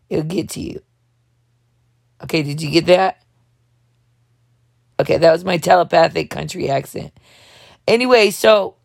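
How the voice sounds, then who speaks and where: Gravelly, over-the-top woman host. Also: on the low side, no echo, studio quality. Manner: talks fast, jumps between thoughts. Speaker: show host. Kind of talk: rambling comedic monologue.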